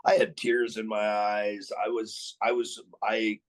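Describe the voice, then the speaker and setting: A man's voice: on the low side, little pitch movement, measured pace, poor audio. A man being interviewed as a podcast guest, telling a story casually and bluntly, swearing freely, restarting his sentences and chuckling along the way.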